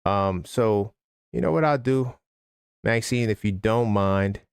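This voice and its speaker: Animated man hosting a sports livestream. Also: on the low side, slow, clean tone, no room sound, studio quality. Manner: animated, conversational, frequent fillers. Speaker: sports talk livestream host. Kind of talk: casual live-stream commentary.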